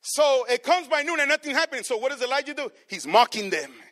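A male preacher gives a sermon in a very high, animated voice that is fast, pushed and bright. He reads scripture aloud, draws out key words for emphasis, and keeps throwing questions at the congregation.

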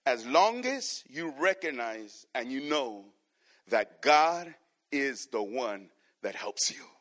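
A man preaching a sermon to his congregation, swinging from soft, low passages to loud, emphatic ones. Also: sing-song, slow. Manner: addresses the congregation as church. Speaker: pastor.

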